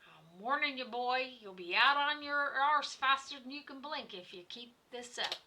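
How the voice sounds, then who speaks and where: A woman's voice: high voice, lively intonation, moderate pace, bright, forceful tone, pitched above the performer's own voice, full character voice. Woman doing a pompous blustering innkeeper. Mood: scolding. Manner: pompous, scolding. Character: pompous middle-aged male innkeeper, blustering. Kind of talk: reading game dialogue aloud in voices.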